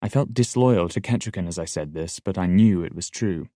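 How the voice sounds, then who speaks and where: Deep-voiced male audiobook narrator. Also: brisk, dark tone, no echo, clean studio sound. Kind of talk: scripted narration.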